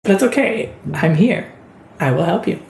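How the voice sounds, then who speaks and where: Man voicing a gentle raccoon guide. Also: high-pitched, expressive, moderate pace, vocal fry, slight background noise. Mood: reassuring. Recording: roomy echo.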